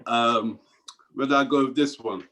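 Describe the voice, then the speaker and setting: A man's voice: mid-range voice, moderate pace, bright, forceful tone, rough recording. Cockney man doing stand-up. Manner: rambling, mumbled asides, chuckles at own jokes. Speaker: stand-up comedian. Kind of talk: stand-up comedy set. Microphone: video call.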